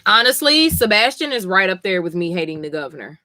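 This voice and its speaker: A woman's voice: fairly low pitch, fairly quick, few pauses, sharp tone, no echo, clean studio sound. A woman streaming live as she reads comics aloud and reacts, emotional and blunt, swearing freely between passages.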